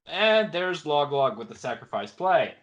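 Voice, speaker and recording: Man, podcast co-host, casual chat, slightly higher voice, acts out lines. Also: unhurried, lo-fi sound. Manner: animated, acts out characters' lines while recapping.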